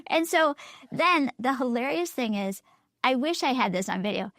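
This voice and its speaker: A middle-aged woman co-hosting a parenting chat, animated and laughing often as she tells stories. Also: high-pitched, moderate pace, no echo, studio quality. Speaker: podcast co-host. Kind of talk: casual chat.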